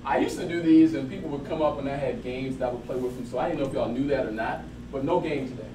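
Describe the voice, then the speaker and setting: A man giving a lively motivational talk to a live audience, telling stories and laughing as he goes. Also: mid-range voice, quick pace, noisy background. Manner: animated, laughing storyteller. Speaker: motivational speaker. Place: event hall with audience. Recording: roomy, distant mic with crowd.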